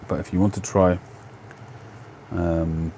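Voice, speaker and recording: A middle-aged man with a London Cockney accent talks casually to his livestream viewers. His voice sits very low and dark, and he rambles along in a relaxed way, correcting himself and filling pauses with ums. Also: slight background noise. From England. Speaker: livestream host. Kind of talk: casual chat answering viewer questions.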